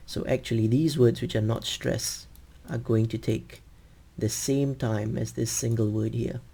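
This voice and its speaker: A man teaching English over a video call, explaining patiently and slowly with frequent ums. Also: medium pitch, fairly even intonation, creaky, dark tone, breathy edge. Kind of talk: screen-share teaching demo.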